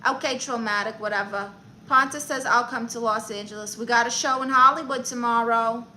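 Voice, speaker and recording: A woman's voice: fairly high pitch, fairly even intonation, fairly quick, bright, forceful tone, slight background noise, rough recording. A woman with a Brooklyn New York accent, hosting a comedy live stream in character, chatty and brash as she greets viewers and reads the chat aloud. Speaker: livestream comedy host.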